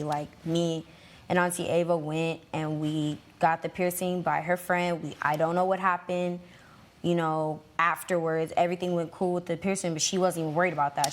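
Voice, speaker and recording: Young woman, late teens, low-pitched, hesitant, court testimony. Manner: hesitant, lots of fillers. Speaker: litigant's daughter.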